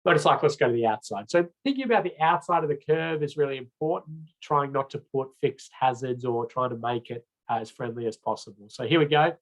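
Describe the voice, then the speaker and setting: Brief: Australian man, road safety trainer, relaxed lecturing, mid pitch, conversational with fillers. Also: fairly quick, few pauses, poor audio. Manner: casual, chatty, with frequent fillers and restarts.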